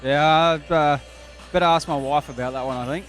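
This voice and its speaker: A man's voice: a little high, a little fast, fairly bright tone, faint music behind. Hesitant Australian man. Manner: hesitant, lots of fillers. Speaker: equipment distributor, guest. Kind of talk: interview.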